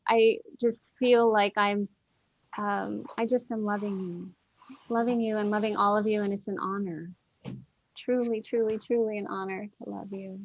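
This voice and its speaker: A woman's voice: medium pitch, steady tone, normal speed, no room sound, lo-fi sound. A woman, a guest in a heartfelt spiritual conversation over a video call, speaking earnestly and repeating phrases for emphasis.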